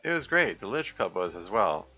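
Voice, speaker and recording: Man doing a shy british schoolboy, flustered, low voice, visual novel, dull lo-fi sound. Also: big pitch swings, quick pace, pushed and bright, husky, soft background music, full character voice. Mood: awkward. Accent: put-on British.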